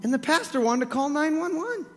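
A man preaching a sermon, telling scripture stories with animated acted-out voices and laughter. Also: very high voice, fairly quick, big-room sound, a little hiss or hum.

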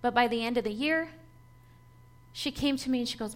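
A woman's voice: fairly high pitch, fairly quick. A woman giving a personal testimony sermon to a church gathering, telling her story earnestly and with feeling, breaking into light laughs.

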